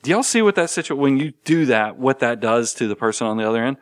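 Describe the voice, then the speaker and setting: A man's voice: medium pitch, quick pace, no echo. A man, co-hosting a casual money talk show and animatedly acting out quotes as he tells stories. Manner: animated, storytelling with acted-out quotes. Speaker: podcast co-host.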